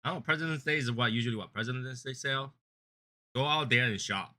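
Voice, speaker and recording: A man hosting a cigar review channel, talking casually and earnestly, rambling and repeating himself, sometimes raising his voice to act out angry callers. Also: fast. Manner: grows louder and higher when acting out angry callers. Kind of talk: casual chat.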